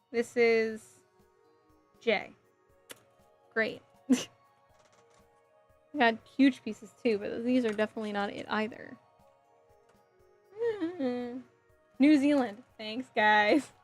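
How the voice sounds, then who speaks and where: Giggly, chatty woman streamer. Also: fairly high pitch. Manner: chatty, giggly, reading chat aloud. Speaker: streamer building a model kit. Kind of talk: casual livestream chat.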